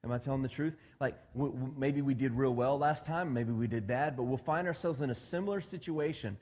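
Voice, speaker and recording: A man's voice: medium pitch, fairly quick, a little mellow. Man preaching in a reverberant hall. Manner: conversational, asks the congregation questions, acts out quoted dialogue. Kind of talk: sermon. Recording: long reverb of a large hall.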